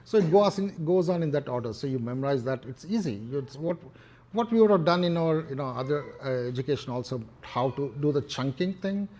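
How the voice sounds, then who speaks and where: A middle-aged man with an Indian English accent giving a devotional discourse, talking in a halting way with many fillers and restarts. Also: fairly high pitch, expressive, a little mellow. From Hyderabad, India. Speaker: temple speaker.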